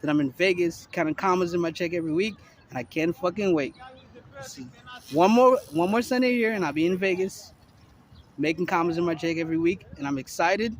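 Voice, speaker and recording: A man's voice: sits high, a little fast. A man in his forties from Miami, Florida, talking to camera in a loose, rambling way, full of swearing and fillers. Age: 40s. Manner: loose, profane, heavy filler talk. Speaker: vlogger. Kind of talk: rambling casual monologue to camera. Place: outdoors on a city street.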